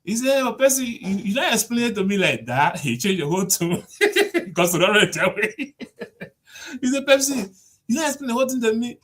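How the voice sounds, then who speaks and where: A man putting on the voice of an excitable middle-aged party chairman, loud, high and pleading. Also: brisk, exaggerated voice. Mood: scolding.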